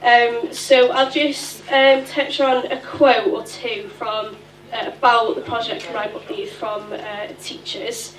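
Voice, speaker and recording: A young woman with a Welsh accent giving a chatty conference presentation, with a lively storytelling manner. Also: fairly high pitch, slow pace. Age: young adult. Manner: chatty, lively anecdote-telling. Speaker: conference speaker. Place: conference hall. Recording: echoey hall from far off.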